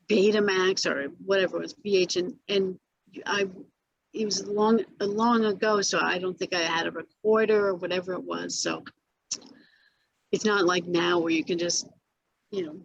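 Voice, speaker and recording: A woman's voice: fairly low pitch, steady tone, normal speed, creaky, highs cut off, slight background noise. An older woman being interviewed about her acting career, telling stories with many restarts, fillers and laughs. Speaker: actress interviewee. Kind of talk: casual interview recollection.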